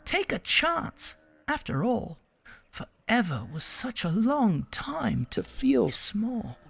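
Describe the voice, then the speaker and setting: A woman's voice: low voice, vocal fry, a little hiss or hum. A woman reading a children's picture book aloud in a sing-song way, stopping to chat about the pictures.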